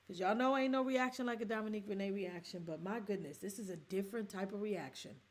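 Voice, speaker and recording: A woman from the Bronx in her forties, hosting a reaction show and talking to her listeners in a heartfelt, halting way. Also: mid-range voice. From the Bronx, New York. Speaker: podcast host. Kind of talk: emotional reaction chat.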